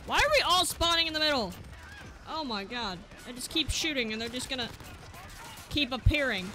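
A young woman doing gameplay commentary, excitable and joking, swinging from yelling to muttering, with faint game music behind. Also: high-pitched, normal speed. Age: young adult. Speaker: gaming streamer.

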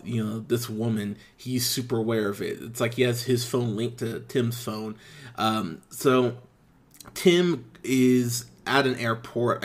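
Blunt, cussing man reviewing a movie. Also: medium pitch. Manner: blunt, profane, exasperated recapping with filler "um" and "uh". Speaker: podcast host, film reviewer. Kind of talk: casual movie review, unscripted.

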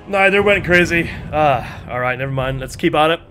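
A man with a Northern Irish accent, commentating live on his gameplay in an excitable, chatty way, calling out to his viewers. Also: fairly high pitch, normal speed. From Northern Ireland. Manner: excitable, chatty, calls viewers lads and chat. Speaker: game streamer. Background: music.

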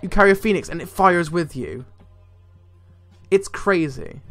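Excitable young man gaming, swearing freely. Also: sits high, unhurried. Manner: excitable, swears a lot, laughs often. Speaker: let's play gamer. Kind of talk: casual gameplay commentary. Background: faint game music.

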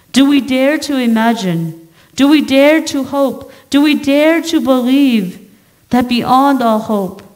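Slow, measured woman preaching. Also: on the high side, a little mellow, rough recording. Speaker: pastor. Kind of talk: sermon. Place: church sanctuary.

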